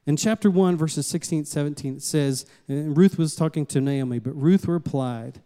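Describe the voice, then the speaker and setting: A man from the States, preaching a sermon as a pastor and calling out to the congregation in a lively storytelling way. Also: on the high side, normal speed, few pauses. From Southern United States. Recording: long hall reverb.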